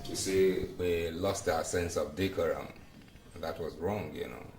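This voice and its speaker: An actor playing a frank friend who admonishes in measured, formal words. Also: male voice, low-pitched, steady tone, a little mellow, echoey room, far from the mic. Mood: admonishing. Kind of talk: Nollywood film acting.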